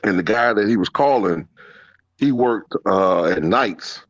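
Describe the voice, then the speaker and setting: A man's voice: on the low side, lively intonation, unhurried, no echo. A man hosting a casual chat, telling stories with lots of cursing and laughter. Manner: profane, laughing storyteller. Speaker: channel host. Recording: dull, dry lo-fi sound.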